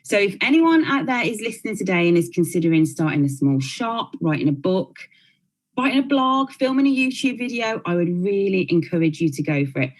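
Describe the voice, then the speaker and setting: A woman's voice: medium pitch, sing-song, brisk, rough recording. A woman in her thirties from Birmingham with a Brummie accent, giving a chatty panel talk full of likes and restarts. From Birmingham, England. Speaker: blogger and panel speaker.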